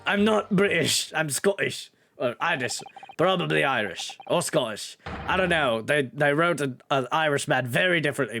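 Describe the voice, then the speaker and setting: A man's voice: fairly high pitch, vocal fry, sharp tone, slight background noise. A man streaming a video game, giving wry, sarcastic casual commentary. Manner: wry, sarcastic, swears freely.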